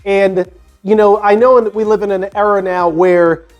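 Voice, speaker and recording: A Jamaican man in his sixties hosts a podcast, telling stories from his youth in a rambling, conversational monologue full of restarts and "you know" asides. His high-pitched voice has fairly even intonation at normal speed, with soft background music.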